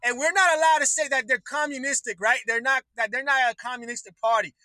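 A man's voice: extremely high pitch, fairly even intonation, fast, bright, forceful tone, no echo, poor audio. Male livestream host, casual rant, swears a lot, dry close-miked sound. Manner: profane, rambling, laughs often.

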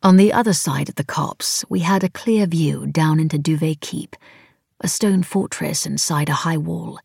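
A woman narrating a novel in the first person, with wry, even storytelling. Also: low-pitched, normal speed, gravelly, slightly rough, no room sound, clean studio sound. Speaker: audiobook narrator.

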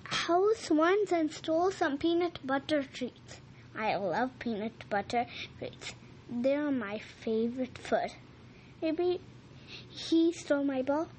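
A woman reading a children's storybook aloud, halting now and then with slips and rereads. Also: sits high, animated, a little mellow, slight background noise. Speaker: reader.

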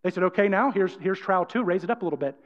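A pastor preaches a sermon with energy and emphasis, often acting out the quotes he cites. His voice sits high and he speaks fast. The recording sounds dull, with long church-hall reverb.

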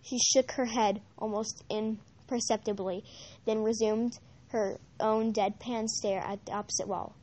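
A woman narrating a novel aloud in an amateur reading, measured, with occasional slips and restarts. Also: fairly high pitch, steady tone, a little mellow. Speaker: audiobook reader.

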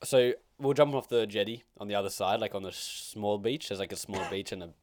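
A man's voice: fairly low pitch, fairly quick, a little mellow, no echo. Giggly rambling man, casual chat. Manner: rambling, giggly, many fillers.

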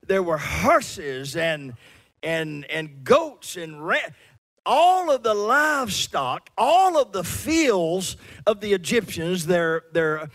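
Man, pastor, preaching a fervent sermon, high voice, slow unhurried delivery. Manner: fervent preaching with repeated words and swings in loudness.

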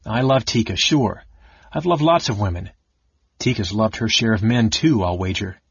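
A man voicing a burly male warrior who speaks gruffly, sometimes pleading and sometimes shouting, in an audiobook reading. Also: on the low side, moderate pace, dry recording. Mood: surly. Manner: gruff, pleading, grows loud. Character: burly male warrior, troubled and quick-tempered. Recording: dull lo-fi audiobook recording.

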